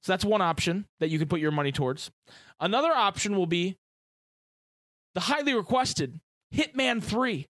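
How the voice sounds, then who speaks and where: A man co-hosting a podcast in casual chat, excitable and full of gamer slang. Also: sits high, moderate pace, long pauses, no room sound, clean studio sound. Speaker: podcast co-host.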